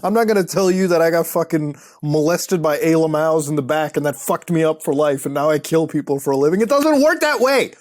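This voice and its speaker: A man's voice: a little high, a little mellow, no echo, studio quality. A man hosting an online show, giving sarcastic, profane commentary as he browses and mocks websites. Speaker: host.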